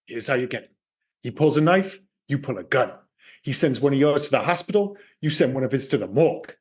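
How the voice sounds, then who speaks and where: An actor playing an older Chicago beat cop mentor, speaking in a low, grave, menacing way in a film clip. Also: male voice, lively intonation, a little fast, natural voice.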